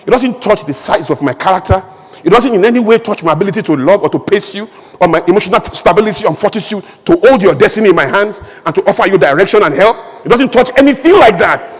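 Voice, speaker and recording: Guy, high voice, emphatic rhetorical speech at a conference, long hall reverb. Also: animated, quick pace, husky. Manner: rhetorical, emphatic, humorous asides. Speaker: conference speaker. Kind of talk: impassioned public speech. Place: large event hall.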